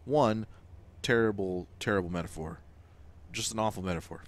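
A man's voice: fairly low pitch, normal speed, pauses often. A man giving casual gameplay commentary, with joking asides that playfully mock the game's dialogue. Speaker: let's play gamer.

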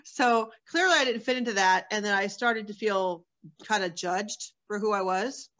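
A woman's voice: mid-range voice, moderate pace, a bit bright. A woman sharing her personal testimony as a guest, in a candid, earnest storytelling manner with many fillers.

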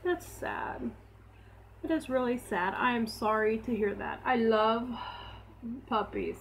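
A woman hosting a casual live stream, chatty and unhurried. Her voice sits fairly high, and she slips into cooing baby talk at her dog. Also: a little hiss or hum.

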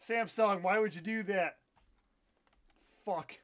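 An excitable young man talks his way through a live game stream, swearing freely and flaring up into loud frustration. His voice sits high for a man. His talk is loose and quick to react. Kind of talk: live gameplay stream commentary.

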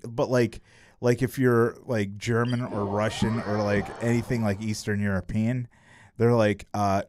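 A man's voice: mid-range voice, unhurried, darkish tone, slight background noise. A man streaming a game, chatting casually, swearing freely and laughing often as he rambles with restarts. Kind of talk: casual live-stream chat while gaming.

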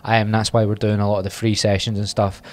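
Lowish-voiced Scottish man, candid podcast host. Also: flat delivery, fast, a little mellow. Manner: candid, self-mocking and rambling. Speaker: podcast host and fitness coach. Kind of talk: casual solo podcast chat.

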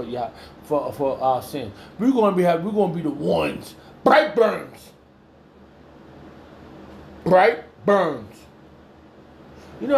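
A man reading and preaching from the Bible at home in an informal way. He rambles and repeats himself, swings between loud exclamations and low muttering, and talks in a crude, heated way. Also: a little hiss or hum. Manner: repeats phrases, restarts often.

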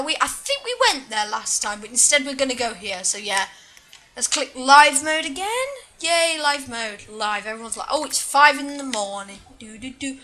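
A woman's voice: a little high, bright, forceful tone, a little hiss or hum. A woman giving casual, chatty let's-play commentary, mocking herself and exclaiming at the game. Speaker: gaming channel host.

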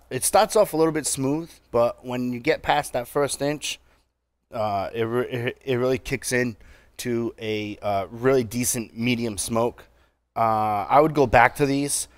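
A man with a New England accent co-hosting a casual chat, relaxed and halting with lots of fillers. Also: mid-range voice, dry recording. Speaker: podcast co-host.

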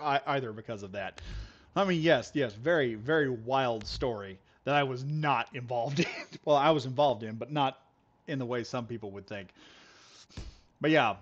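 A man streaming a game while telling a long, animated story with lots of laughs and restarts. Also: medium pitch, lo-fi sound. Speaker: gaming streamer. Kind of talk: casual storytelling on a live stream.

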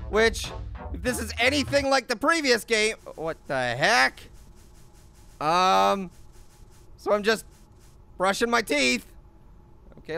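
A man's voice: sharp tone, heavily acted. A man voicing a hyper, wisecracking male talking orange who rambles through a video game in cartoon commentary. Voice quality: squeaky, gravelly. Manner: rambling, exclaiming, self-talking. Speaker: gaming host. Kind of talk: cartoon let's play commentary.

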